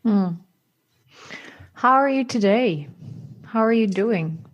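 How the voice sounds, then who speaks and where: A woman co-interviewing on a podcast, asking slow, friendly check-in questions. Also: fairly high pitch, lively intonation, highs cut off. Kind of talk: casual interview chat.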